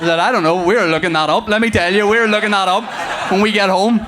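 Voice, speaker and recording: A man's voice: high-pitched, steady tone, fast, very noisy. A male stand-up comedian and father telling chatty anecdotes and acting out dialogue. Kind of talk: stand-up routine.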